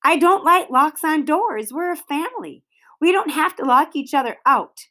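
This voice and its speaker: A woman voicing a gentle, reassuring mother who talks in a soft, soothing way. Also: high-pitched, animated, moderate pace, voice pushed up.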